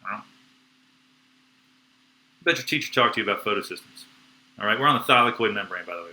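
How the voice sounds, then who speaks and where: A man teaching biology on a live stream, excitable and slangy, with playful sound effects. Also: on the low side, fast, long pauses, poor audio. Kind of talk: enthusiastic live-streamed lecture.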